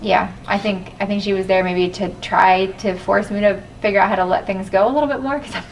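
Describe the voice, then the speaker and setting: A woman's voice: mid-range voice, fairly even intonation, fairly quick. A woman guest on a podcast, talking candidly and joking now and then in casual chat. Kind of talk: casual conversation. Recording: distant mic with faint background noise.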